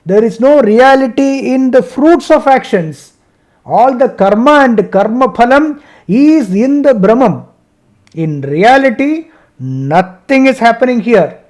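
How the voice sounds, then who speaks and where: A man teaching a scripture discussion over a video call, chanting Sanskrit verses and then explaining them slowly, often checking in with "right?". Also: extremely high pitch, expressive, a little mellow. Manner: explains slowly, repeats points, asks "right?". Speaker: Gita teacher.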